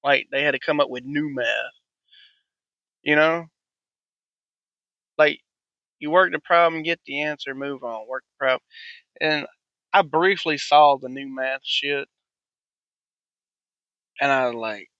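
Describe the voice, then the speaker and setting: Male podcast host in his thirties, profane rant, bright dry voice, dull lo-fi sound. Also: medium pitch, slow pace, long pauses, no echo. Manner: profane, blunt, rambling. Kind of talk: ranting monologue.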